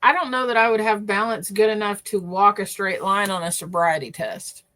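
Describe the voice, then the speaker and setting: Woman making halting casual remarks. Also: medium pitch, steady tone, fairly bright tone. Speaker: podcast co-host. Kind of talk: casual chat.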